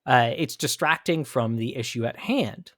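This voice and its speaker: An American man hosts a commentary podcast, making his case with an emphatic, argumentative edge. His pitch sits in a middle range but swings widely as he presses each point, and he often restarts a phrase mid-thought. The sound is close and dry, with little room around it. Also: lively intonation, normal speed, a bit bright, dry recording. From United States. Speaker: podcast host.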